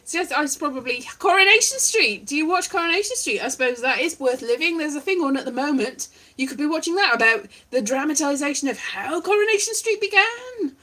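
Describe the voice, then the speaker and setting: A woman's voice: high voice, lively intonation, fairly quick, hardly any pauses, bright, forceful tone. A woman in a wry, self-deprecating, meandering casual monologue, vlogging with a guitar strummed in the background.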